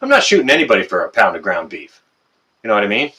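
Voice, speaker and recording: With huge pitch swings and a quick pace, a middle-aged man with a Canadian accent chats through viewer comments on a casual live stream. His fairly low voice is sharp, his talk rambling and packed with "uh"s, and the recording is low quality.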